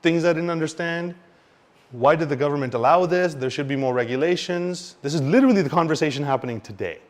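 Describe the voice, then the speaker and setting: A man teaching about crypto market cycles in an animated, expressive way, swinging between loud and quiet and mimicking panicked investors. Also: a little high, fast talker. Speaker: crypto educator. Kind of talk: explanatory talk to camera.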